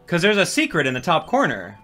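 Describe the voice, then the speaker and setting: A young man hosting a gaming channel, giving excitable, jokey live commentary and reading out and answering viewers' chat as he plays. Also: fairly high pitch, brisk, faint music behind.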